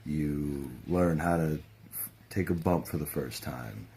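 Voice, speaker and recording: A man's voice: very deep voice, takes it slowly, dark tone, slight background noise. A man, a pro wrestler, giving a casual testimonial in a laid-back, rambling, slangy way.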